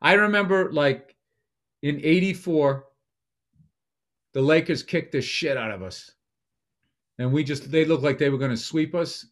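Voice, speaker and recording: A man's voice: fairly high pitch, measured pace, pauses often. A man hosting a casual podcast as a comedian, blunt and profane, needling his co-host.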